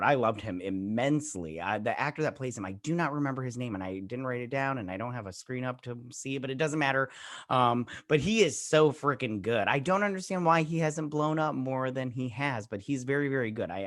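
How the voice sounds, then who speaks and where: A man's voice: medium pitch, fairly bright tone, no room sound. Guy rambling through a tv episode recap, tons of ums, dry close sound. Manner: rambling, lots of fillers and retellings. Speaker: YouTube reviewer. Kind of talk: casual spoken review.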